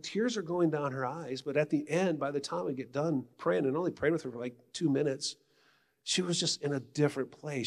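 Man telling stories in a reverberant hall. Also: fairly high pitch. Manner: conversational, animated storyteller. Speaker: retreat speaker. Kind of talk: conference talk with storytelling.

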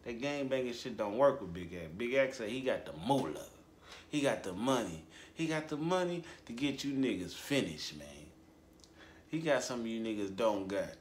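Guy doing a loose reaction rant, drawly, keeps repeating stuff, squeaks up high on the big bits, roomy echo. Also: moderate pace, a little hiss or hum. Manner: animated, drawling, repetitive, voice jumps high for emphasis. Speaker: commentary host. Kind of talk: casual reaction commentary.

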